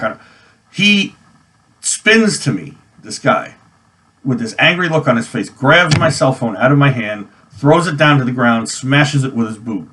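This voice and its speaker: A New York man in his forties, an army veteran vlogger, shares a personal army memory in a casual, rambling story full of restarts and fillers. His medium-pitched voice is animated, bright and forceful, and he talks a little slowly.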